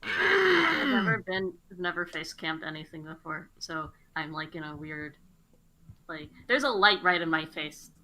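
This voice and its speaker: Female guest, casual stream, bright voice, playful and offhand. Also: on the low side, sing-song, a little slow, rough recording. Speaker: guest co-reader. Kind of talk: casual chat.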